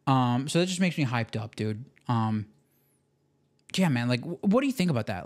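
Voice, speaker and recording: A young man hosting a podcast, talking in an excitable, slangy way full of "like" and "dude". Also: mid-range voice, normal speed. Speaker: podcast host. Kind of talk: casual podcast commentary.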